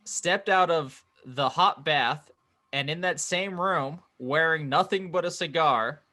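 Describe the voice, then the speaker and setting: A man's voice: a little high, slow pace, bright, forceful tone. A man co-hosting a comedy podcast, reading out facts and laughing easily. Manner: reads out facts, stumbles on names, laughs easily. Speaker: podcast co-host. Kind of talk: casual comedy podcast chat.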